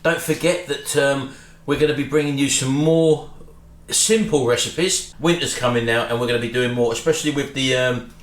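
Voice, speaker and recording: A man's voice: medium pitch, steady tone, normal speed. A middle-aged man, chatting casually to his viewers at home and calling them folks. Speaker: vlog host. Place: at home, house and garden.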